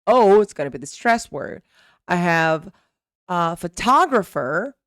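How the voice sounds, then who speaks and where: A woman's voice: lowish voice, animated, measured pace, smooth, dry recording, studio quality. A young Brazilian woman with a Brazilian Portuguese accent, hosting an English lesson and explaining pronunciation, repeating words as drills. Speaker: English teacher and channel host.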